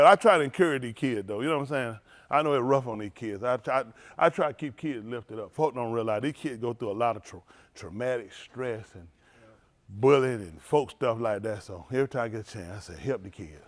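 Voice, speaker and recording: A man's voice: medium pitch, animated, fairly quick. A man preaching, joking loosely and teasing his congregation, laughing often. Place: synagogue hall, livestream.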